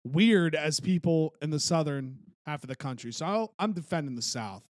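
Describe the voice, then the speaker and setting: A young man co-hosting a casual sports podcast, blunt and swearing in quick outbursts. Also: on the high side, animated, dry recording, studio quality. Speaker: podcast co-host.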